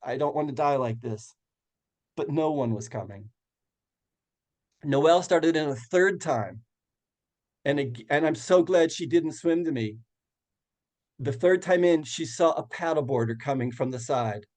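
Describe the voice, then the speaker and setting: A man's voice: a little high, lively intonation, measured pace, long pauses, darkish tone. A man giving a talk, earnestly retelling a personal story in vivid detail. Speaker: guest speaker. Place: retirement community hall.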